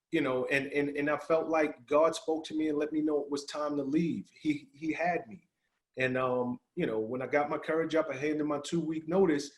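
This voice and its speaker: A middle-aged man, a podcast guest, telling a personal story in casual talk and acting out the dialogue. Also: on the high side. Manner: animated, acts out quoted dialogue.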